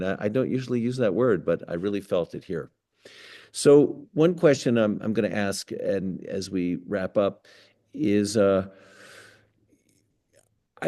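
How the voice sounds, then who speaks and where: A man hosting a community conversation as rabbi, speaking haltingly and repeating words as he forms his questions. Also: low voice, warm tone. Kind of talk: conversational discussion.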